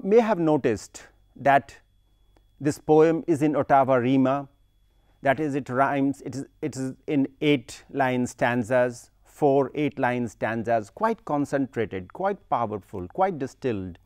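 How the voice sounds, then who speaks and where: A man giving a university lecture on a poem, slow and deliberate, stopping to recite lines of verse with heavy emphasis. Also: mid-range voice, a little mellow, dry recording, studio quality. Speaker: literature lecturer.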